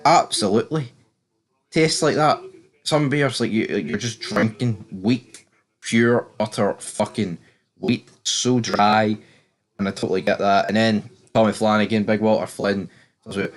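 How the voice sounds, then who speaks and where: A British man with a fairly low voice talks through a TV episode in a loose, rambling recap. He's opinionated and sweary, jumping from scene to scene with plenty of "like" and asides. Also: measured pace. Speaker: TV series reviewer. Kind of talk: casual episode recap commentary.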